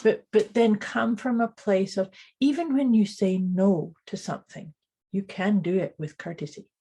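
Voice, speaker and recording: This is a woman co-hosting a casual podcast in an earnest, agreeable way, often backing up her partner. Her voice has a slightly husky, breathy edge. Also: medium pitch, moderate pace, mellow. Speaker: podcast co-host. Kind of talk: casual chat.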